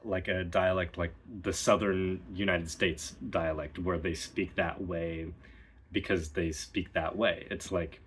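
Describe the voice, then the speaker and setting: A man giving a relaxed, explanatory video lesson as a dialect coach, pausing often with ums. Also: low voice, slight background noise.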